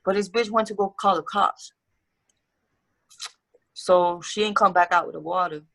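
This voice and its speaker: A woman's voice: fairly low pitch, moderate pace, a bit bright. A young woman guest telling her life story in a casual interview, candid and profane with street slang.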